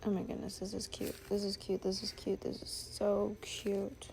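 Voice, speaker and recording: A woman chatting casually as she sorts through her things, musing and thinking aloud, sometimes dropping to a soft whisper. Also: medium pitch, completely flat delivery, moderate pace, vocal fry, a little hiss or hum. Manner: drops to a soft whisper at times. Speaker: sewing vlogger. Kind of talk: casual narration while sorting.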